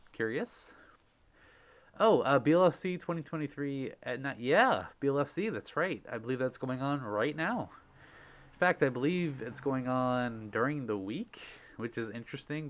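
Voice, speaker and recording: A man chatting on a casual livestream, reading viewer messages aloud with a bouncy, sing-song delivery. He is giggly and excitable, leaping up and down in pitch as he gushes his thanks. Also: dull audio. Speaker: livestream host.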